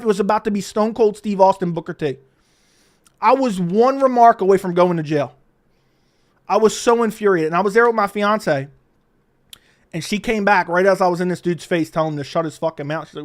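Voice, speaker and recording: A man hosting a casual livestream, telling stories in a profane, animated way into a studio mic. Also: high-pitched, brisk. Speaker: livestream host.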